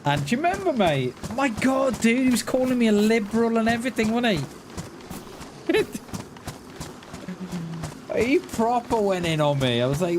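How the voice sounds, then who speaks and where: A man's voice: very high voice, very animated, normal speed, pauses often, noisy background. A man chatting casually on a live game stream, rambling and restarting his words as he talks to his chat. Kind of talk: casual chat while gaming.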